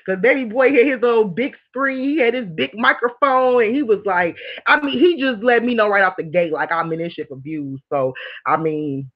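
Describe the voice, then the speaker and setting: A woman hosting a casual livestream, talking candidly to viewers and reading their comments, rambling and animated. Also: fairly high pitch, moderate pace. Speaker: livestream host. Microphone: streaming mic. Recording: dull lo-fi stream audio.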